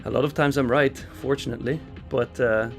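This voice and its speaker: A man's voice: medium pitch, fairly even intonation, brisk, soft background music. A man raised in Switzerland hosting a live trading stream, giving casual market commentary and answering viewer chat. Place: in London for a trading expo.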